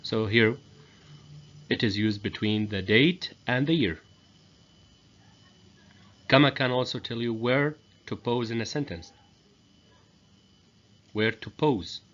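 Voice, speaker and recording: A man whose first language is Arabic, giving a grammar lesson as a teacher, explaining slowly and repeating each example. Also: medium pitch, fairly bright tone. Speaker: English teacher. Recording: dull lo-fi recording.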